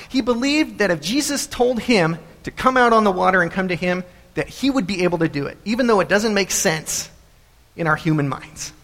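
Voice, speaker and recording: A man preaching a sermon, telling the story in an animated way and repeating phrases for emphasis. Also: high-pitched. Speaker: pastor. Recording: echoey hall.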